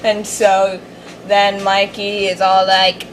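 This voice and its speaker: A woman's voice: mid-range voice, a little slow, crowd noise, low-quality recording. A young woman giving a casual, rambling video review of fan fiction, hyper and gushing, with many fillers and restarts. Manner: bubbly, rambling, fangirling, lots of fillers and restarts. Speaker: fanfiction reviewer.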